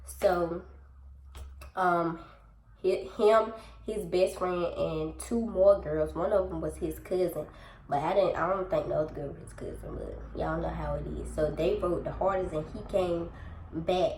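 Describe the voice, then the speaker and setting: A woman's voice: fairly low pitch, fairly even intonation, unhurried, darkish tone, slight background noise. A young adult woman vlogger telling a story in casual chat, talking straight to her viewers. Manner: chatty, addresses viewers directly, acts out dialogue. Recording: roomy, echoey room.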